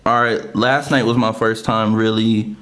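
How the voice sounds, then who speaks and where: A man's voice: lowish voice, little pitch movement, unhurried, a bit bright. A man hosts a casual podcast interview. He stalls and circles with frequent fillers before landing on his questions, which keeps his delivery loose and easygoing. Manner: hesitant, full of fillers like okay and all right. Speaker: podcast host.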